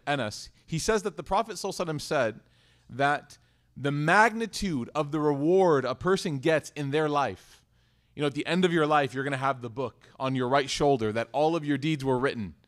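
Animated man telling a sermon story. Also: a little high. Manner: conversational, animated storytelling, with asides and quick restarts. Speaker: imam teaching a weekly class. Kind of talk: casual sermon with personal stories.

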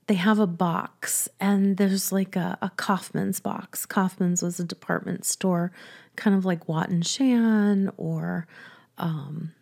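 Woman, storytelling host, soft near-whisper delivery, laughs often, gravelly fry. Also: on the low side, steady tone, slow pace. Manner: chatty, laughs often between sentences. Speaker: business coach and podcast host. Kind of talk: personal storytelling.

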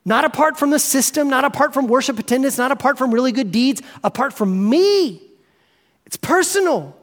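A male pastor preaching a sermon in a conversational, animated storytelling manner, often saying "man" and "right.". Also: extremely high pitch, normal speed.

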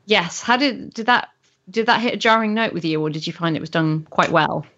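A woman's voice: fairly low pitch, brisk, fairly bright tone. A woman in casual podcast chat, chatty and full of questions and rambling asides. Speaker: podcast co-host. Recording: muffled lo-fi audio.

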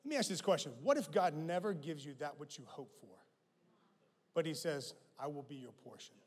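A man preaching a sermon as guest pastor, who swings from loud emphatic lines to hushed ones. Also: on the high side, lively intonation, fairly quick. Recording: long reverb of a large hall.

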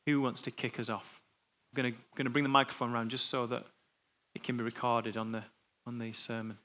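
A man gives an informal, conversational sermon in a church, thinking aloud as he goes. His voice sits at an everyday middle pitch. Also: level tone, fairly quick, sharp tone. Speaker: preacher.

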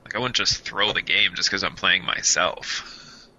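A man's voice: low voice, a little slow, pushed and bright, muffled recording, a little hiss or hum. A man co-hosting a casual podcast, playful and often laughing. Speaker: podcast co-host. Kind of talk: casual chat.

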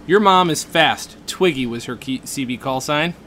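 A man's voice: fairly high pitch, normal speed, fairly bright tone. A man co-hosting a comedy podcast, joking in casual chat, often tripping over his words and laughing. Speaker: podcast co-host.

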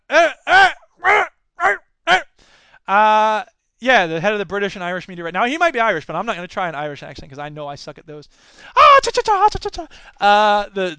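Brief: high, bright male podcast host, jokey and rambling, dry close mic. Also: clear, resonant tone, no echo. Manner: jokey, rambling, slips into silly voices. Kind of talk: comedic news commentary.

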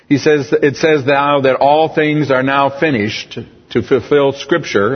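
A middle-aged man preaching a sermon as pastor, earnest and slowing down on key words. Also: mid-range voice, husky. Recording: distant echoey church hall, dull sound.

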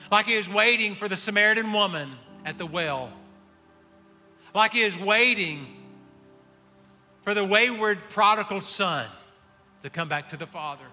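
A man preaching a sermon, swinging between hushed pleading and impassioned calls. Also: sits high. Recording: reverberant hall with faint music. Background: faint music.

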